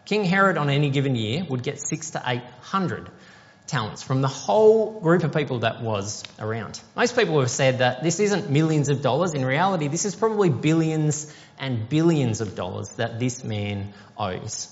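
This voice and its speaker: A man's voice: mid-range voice, lively intonation, normal speed. A man preaching a sermon, explaining a parable conversationally and asking the congregation questions. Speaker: pastor. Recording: dull sound with long hall reverb.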